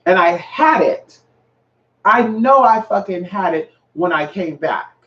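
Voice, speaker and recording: A sassy man with a high voice chats to his viewers about his spiritual readings. He swears freely and keeps breaking into loud exclamations. He sounds a little far from the mic, on a dull lo-fi recording. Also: lively intonation, takes it slowly. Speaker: spiritual reader and vlogger. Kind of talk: casual chat to viewers.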